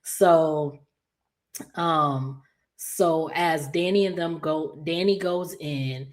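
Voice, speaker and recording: Low-voiced woman chatting through a recap. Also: drawn-out words. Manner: chatty, animated retelling with many fillers. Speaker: soap opera recap reviewer. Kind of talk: casual episode recap.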